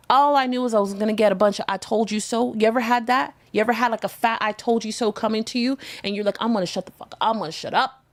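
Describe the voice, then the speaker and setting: Female host, fairly high voice, candid confessional storytelling, speaks straight to the viewers, swears casually. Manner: candid, emotional, talks to viewers directly, swears.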